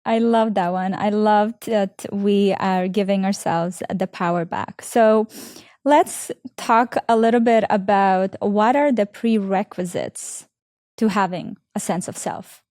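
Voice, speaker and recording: A woman podcast host in a conversational interview, asking calm, reflective questions. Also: mid-range voice, takes it slowly, dry recording, studio quality.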